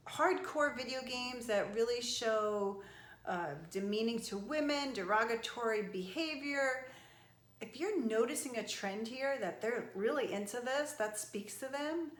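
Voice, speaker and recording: A middle-aged woman speaks as a motivational speaker, earnest and emphatic, her voice sitting a little high. She talks straight to camera, and the sound rings around an echoey room. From from an Italian family. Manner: earnest and emphatic, with animated outbursts. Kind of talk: direct-to-camera advice talk.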